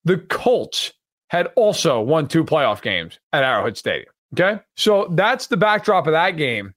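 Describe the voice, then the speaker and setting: A man co-hosting a sports podcast, telling stories in a lively, swearing, casual way. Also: a little high, measured pace, no room sound, clean studio sound. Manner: animated storyteller, swears freely. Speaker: podcast co-host.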